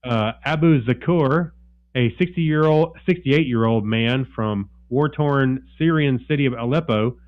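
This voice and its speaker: A male podcast co-host in casual chat, reading a news story aloud haltingly with many fillers and restarts. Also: mid-range voice, highs cut off.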